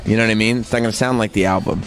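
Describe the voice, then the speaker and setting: A man's voice: on the low side, fairly even intonation, racing, faint music behind. A man hosting a talk radio show, bantering casually in a sarcastic, crude way. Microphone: studio microphone.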